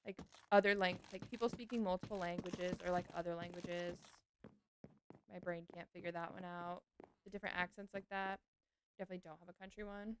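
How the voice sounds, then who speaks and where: A woman's voice: fairly low pitch, steady tone, brisk, slight background noise. A woman streamer chatting casually with her chat while playing a game. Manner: chatty, answering chat as she plays.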